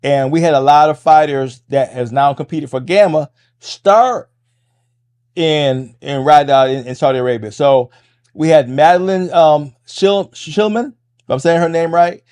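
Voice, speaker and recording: A middle-aged man with a fairly high, mellow voice talks quickly through a casual podcast monologue. He often restarts his phrases and keeps checking in with a quick "right?". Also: clear, resonant tone. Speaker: podcast host and MMA coach.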